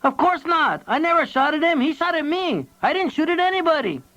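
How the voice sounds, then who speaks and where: A man voicing a frightened man shouting denials from inside his house, defensive and high-pitched. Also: sing-song, fairly quick, exaggerated voice. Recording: dull lo-fi tape audio.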